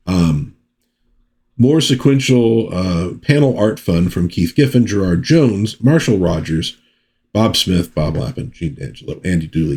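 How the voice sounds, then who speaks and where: A man hosts a casual comic book review vlog, chatty and easygoing, full of fillers and restarts. His voice is fairly low-pitched with a darkish tone.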